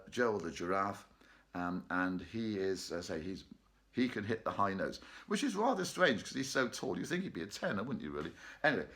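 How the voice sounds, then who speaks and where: A choir leader, chatty and quick to joke and laugh, conducts a casual online rehearsal from his home bedroom. His voice is fairly low with a sharp tone.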